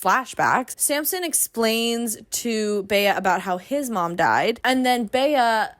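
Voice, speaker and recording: A woman's voice: a little high, animated, slow pace, fairly bright tone. Chatty sarcastic young woman recapping a book. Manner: chatty, sarcastic, many tangents and "like" fillers. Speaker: book review vlogger.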